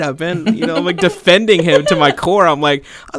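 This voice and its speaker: Animated young man telling a party story. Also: a little high, brisk, few pauses, over a noisy crowd. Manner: animated, acts out quoted voices, laughs often. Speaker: podcast co-host. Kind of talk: casual storytelling chat.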